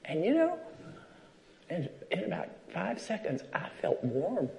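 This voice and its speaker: A man's voice: high voice, wildly swooping pitch, a little slow, gravelly, darkish tone, a little hiss or hum. A man preaching a sermon at a church service, telling personal stories and acting out the voices in them. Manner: storytelling, acts out quoted dialogue.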